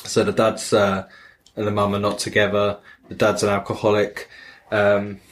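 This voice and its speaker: A man's voice: fairly low pitch, monotone, moderate pace. A man, casually and animatedly retelling a video game on a podcast, with plenty of fillers. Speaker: podcast host. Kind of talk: casual chat recapping a game.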